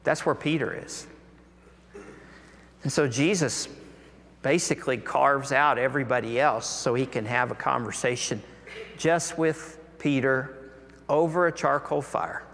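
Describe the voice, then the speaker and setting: A man's voice: medium pitch, measured pace, vocal fry, pauses often, fairly bright tone, a little hiss or hum. A man preaching a sermon, earnest and full of rhetorical questions, his voice rising when he presses a point. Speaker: pastor. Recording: long hall reverb.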